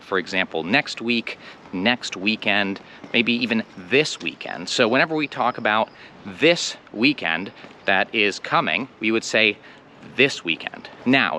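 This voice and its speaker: A man's voice: medium pitch, sharp tone. American man teaching, street noise behind. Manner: slows down to model example phrases. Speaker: English teacher. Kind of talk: casual spoken lesson. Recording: clear street and traffic noise.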